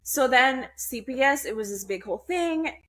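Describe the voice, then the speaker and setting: A woman's voice: sits high, expressive, moderate pace, fairly bright tone. A young woman guest on a podcast, telling a personal story in a blunt, candid way, swearing freely and restarting her sentences.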